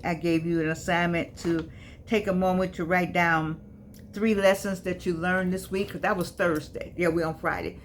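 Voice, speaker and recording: A woman's voice: lowish voice, a little hiss or hum. A woman giving a casual, heartfelt talk to her viewers, repeating and stumbling over her words in a preacherly way. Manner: repetitive, stumbling, emotional, preacherly. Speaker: author and host giving a daily talk.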